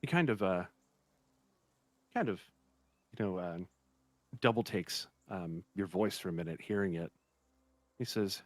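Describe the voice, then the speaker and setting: A man narrating as game master in a tabletop game, halting, with many fillers. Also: deep voice, dry recording.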